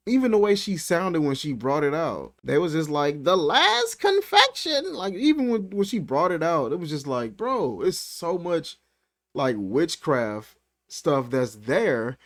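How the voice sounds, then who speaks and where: A man talks through a film in casual, slang-filled commentary, sounding constantly incredulous. His voice sits a little high and swings widely from low mutters to sharp exclamations. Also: animated, slow. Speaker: movie reviewer.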